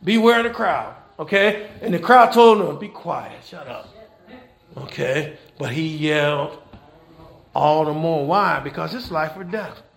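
High, gravelly-voiced preacher in echoey room. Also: male voice, a little slow. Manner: animated preaching with rhetorical questions and repeated phrases; folksy Southern American church phrasing. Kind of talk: sermon. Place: church.

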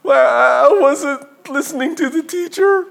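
A man's voice: extremely high pitch, measured pace, vocal fry, voice pushed up, heavily acted. A man voicing a crying young schoolboy who whines and sobs in bitter outbursts. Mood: sniffly. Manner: sobbing, whiny outbursts.

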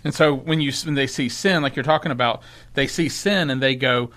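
A man's voice: medium pitch, a little fast, a bit bright. A man co-hosting a church discussion podcast, thinking aloud and restarting his sentences as he searches for words. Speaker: podcast co-host.

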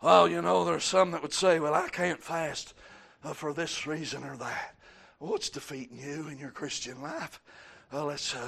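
A male pastor preaching a sermon, peppering his speech with fillers and breaking into shouted bursts. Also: a little high, gravelly.

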